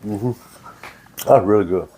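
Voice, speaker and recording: A man's voice: on the low side, measured pace, mellow. A man with a Southern US accent, the host's husband, joking around and tasting cookies in casual chat. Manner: playful, joking.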